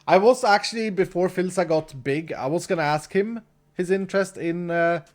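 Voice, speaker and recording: A man's voice: high voice, normal speed. A man streaming a game live, chatting casually with his viewers, reading chat, thanking donors and laughing easily.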